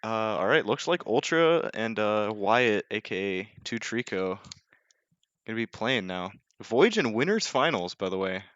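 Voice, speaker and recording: A young man calling a live game in a casual, joking tone, quick to poke fun at himself. His voice sits a little low. The home mic sounds dry and slightly dull. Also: sing-song, fairly bright tone, no echo. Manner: casual, joking, self-deprecating, with many fillers. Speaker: esports caster.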